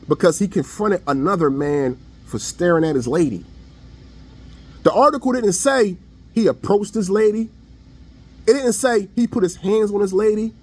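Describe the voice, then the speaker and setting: High-voiced blunt man preaching casually. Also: slightly rough. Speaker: online commentator. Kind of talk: casual opinion monologue.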